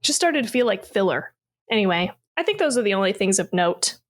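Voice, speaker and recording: A woman's voice: mid-range voice, big pitch swings, fairly quick. Candid, rambling woman podcast co-host. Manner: candid, reactive, rambling with fillers and exclamations. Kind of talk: casual chat.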